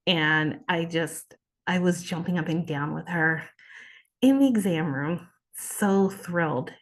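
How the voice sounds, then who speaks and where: A woman in her thirties shares a personal story as an interview guest, her voice sitting a little low. She speaks in a heartfelt, expressive way, often stopping and starting over mid-sentence. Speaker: interview guest, exam passer. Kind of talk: emotional personal story in conversation.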